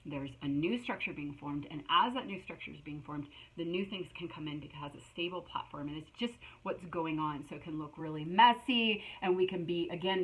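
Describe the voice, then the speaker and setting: A woman's voice: lowish voice, low-quality recording. A middle-aged woman giving a casual spiritual tarot reading, rambling with many fillers and restarts. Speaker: tarot reader.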